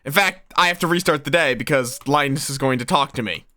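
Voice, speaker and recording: A man's voice: mid-range voice, fairly quick, sharp tone, dry recording. A man casually commentating his gameplay on a live stream, swearing now and then and talking to his chat.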